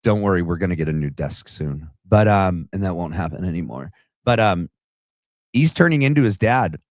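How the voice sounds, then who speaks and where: A man's voice: low voice, lively intonation, moderate pace, no room sound, studio quality. A man hosting a reaction commentary from his desk, sarcastic and rambling. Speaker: commentary host. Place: home desk setup. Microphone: desk camera mic.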